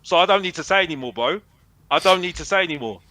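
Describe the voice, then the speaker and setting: Young guy on a fan call-in, keeps going bruv bruv, high bright voice, dry sound. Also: expressive, fast, no echo, low-quality recording. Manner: repetitive, defiant, says bruv a lot. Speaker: fan caller on a football show. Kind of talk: heated fan rant.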